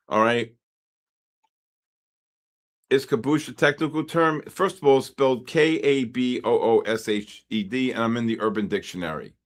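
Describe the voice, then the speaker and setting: Mid-range in pitch and at a normal speed, a New York man chats casually while trading live on his stream. He rambles and cracks wise, telling animated stories between market calls and making asides to chat.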